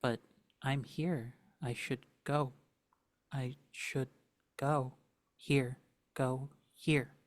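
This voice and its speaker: A man voicing a confused, non-human shadow automaton that speaks in halting, broken phrases. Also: medium pitch, fairly even intonation, no echo.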